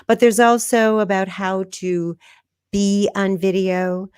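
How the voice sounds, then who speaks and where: A woman's voice: medium pitch, steady tone, slow pace, a little mellow, clean tone, no room sound, studio quality. A woman guest coaching about video, talking in a casual, encouraging way on a video call. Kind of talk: casual live interview chat. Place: room at home.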